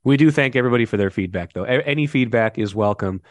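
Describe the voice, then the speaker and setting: A man's voice: mid-range voice, fast, dry recording. A man hosting a casual sports podcast, chatty and teasing, often restarting his sentences. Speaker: podcast host.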